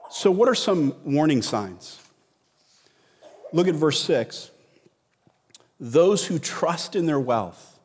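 Conversational middle-aged pastor in an echoing hall. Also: male voice, a little high, big pitch swings, takes it slowly, long pauses, a little mellow. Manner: conversational, repeats words, asks rhetorical questions. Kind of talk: sermon.

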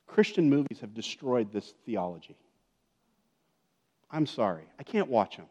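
A man's voice: mid-range voice, big pitch swings, measured pace, darkish tone. Guy pastor preaching loose and chatty, keeps asking "right?", long church-hall echo. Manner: chatty, joking asides, keeps checking in with "okay?" and "right?". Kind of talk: conversational sermon. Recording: long reverb of a large hall.

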